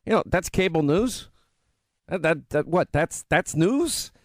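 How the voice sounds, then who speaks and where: A man hosting a talk radio show, delivering an opinionated monologue. He mocks buzzwords by repeating them over and over and rattles off rapid-fire lists. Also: fairly high pitch, animated, no echo.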